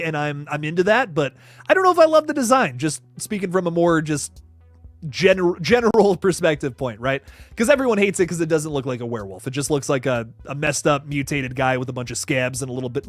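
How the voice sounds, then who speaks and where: Animated, rambling male horror host. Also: a little high, dry recording. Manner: animated, rambling, frequent restarts and laughs. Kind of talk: casual live chat reading comments.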